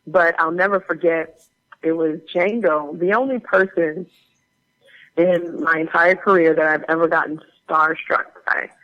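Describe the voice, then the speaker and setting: A woman guest on an interview show, telling animated stories in a casual way with lots of fillers. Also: low-pitched, measured pace, highs cut off. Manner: animated, chatty anecdote-telling with many fillers. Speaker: guest actor.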